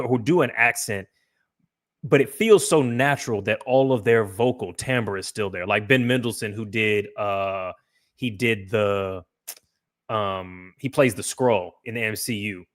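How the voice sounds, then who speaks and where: A man hosting a livestream podcast, talking casually in a loose, profane, rambling way with frequent restarts. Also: medium pitch. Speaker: podcast host.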